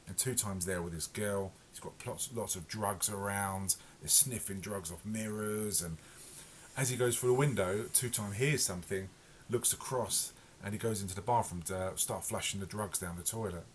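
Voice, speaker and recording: A man's voice: lowish voice, a little hiss or hum. A man reviewing a TV episode in casual, rambling talk full of fillers and self-corrections. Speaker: podcast reviewer.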